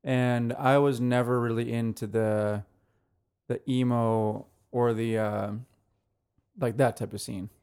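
A man's voice: medium pitch, fairly even intonation, slow, a little mellow, clean tone. A man co-hosting a casual podcast, describing beers and albums in an easygoing way, full of "like" fillers. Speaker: podcast co-host. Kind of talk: casual chat reviewing beer and music.

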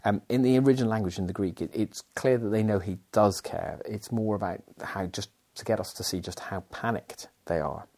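Male pastor, deep and slightly husky, earnest sermon-style teaching. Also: a little fast, hardly any pauses, dark tone. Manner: earnest, explanatory, with frequent fillers and restarts. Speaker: pastor teaching a weekly Bible series.

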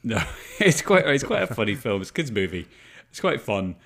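A man's voice: mid-range voice, very animated, normal speed, fairly bright tone. A man co-hosting a podcast, chatting casually about a movie with lots of swearing and restarts. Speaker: podcast co-host. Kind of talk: casual movie review chat.

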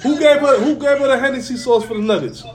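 A woman's voice: sits high, quick pace, echoey room, crowd noise. A woman co-hosting a casual podcast, probing and teasing with a laugh.

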